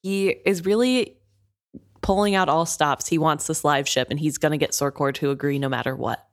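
A woman discusses a novel with her co-host, picking apart how a character manipulates others. Her voice sits on the low side. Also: normal speed. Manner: analytical commentary on a character. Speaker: podcast co-host. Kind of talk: casual book discussion.

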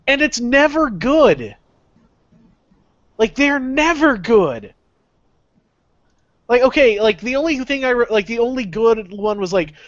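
A man co-hosting a casual wrestling chat, animated and full of "like" fillers. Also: high voice, no room sound. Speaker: podcast co-host. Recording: dry, dull lo-fi audio.

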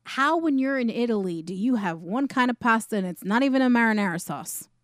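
A woman co-hosting a podcast, chatting casually about a film with quick, wry, questioning remarks. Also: a little high, expressive, no room sound, studio quality. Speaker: podcast co-host. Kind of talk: casual film-review chat.

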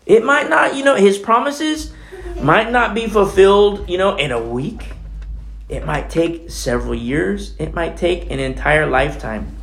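A man's voice: high voice, measured pace, gravelly, a bit bright, reverberant, a little hiss or hum. A man preaching a conversational sermon as the pastor of a church, talking through a scripture passage with casual asides.

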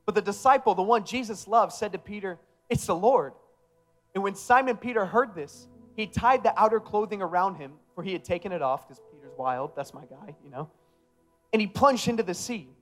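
A male pastor preaching a sermon in a casual, emphatic way that builds to loud passion. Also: sits high, lively intonation, fairly quick, soft background music.

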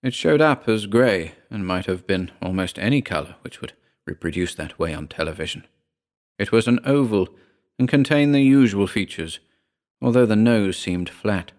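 A man reading a first-person story aloud in a wry, measured way. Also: lowish voice, lively intonation, darkish tone. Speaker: narrator.

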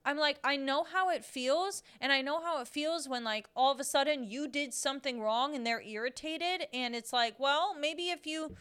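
A woman's voice: high voice, moderate pace, few pauses, a bit bright. A young woman co-hosting a podcast, ranting bluntly and swearing in casual chat. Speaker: podcast co-host.

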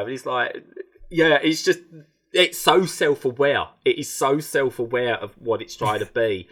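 A man from England reviewing a TV show in casual, animated chat, rambling with frequent restarts. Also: medium pitch, moderate pace.

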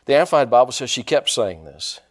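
A man's voice: medium pitch, lively intonation, fairly quick. A male pastor preaching a sermon, asking the congregation questions and drawing responses. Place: church sanctuary.

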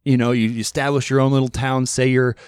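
A man co-hosting a podcast in casual chat, rambling through animated stories and throwing in mock accents. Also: mid-range voice, quick pace, smooth, no room sound, clean studio sound. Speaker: podcast co-host. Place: podcast studio.

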